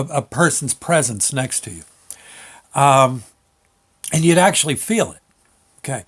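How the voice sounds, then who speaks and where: An older man telling a personal memory in a casual, halting way, with many restarts and an amused tone. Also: on the high side. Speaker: storyteller recalling a memory. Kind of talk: casual spoken recollection.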